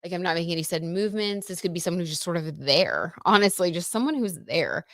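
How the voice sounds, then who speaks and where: A young woman hosts a casual livestream about tarot and celebrity gossip, peppering her talk with "like" and "you know." Her lowish voice is very animated and fast, recorded in clean studio sound with no room sound.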